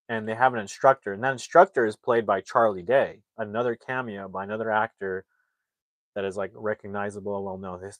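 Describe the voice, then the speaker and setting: A man's voice: on the low side, dry recording. A man casually recapping a comedy film's plot, rambling with lots of "like" and restarts. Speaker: movie reviewer.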